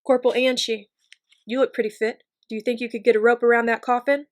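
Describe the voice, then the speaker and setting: A woman reading aloud, voicing a brisk male army officer who barks loud, clipped orders. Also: fairly high pitch, flat delivery, close to an everyday voice. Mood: commanding.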